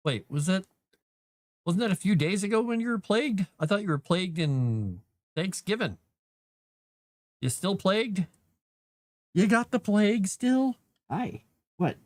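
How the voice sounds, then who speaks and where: A man's voice: medium pitch, no room sound. A man, an author, chatting casually with his viewers on a live stream and cooing at his cat between thoughts.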